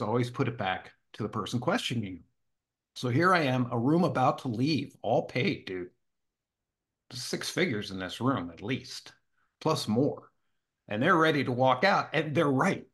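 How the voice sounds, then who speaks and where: Male guest, mid pitch, lively storyteller who acts out quoted voices. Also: normal speed. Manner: animated, acts out quoted dialogue. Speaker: guest speaker. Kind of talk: casual storytelling interview.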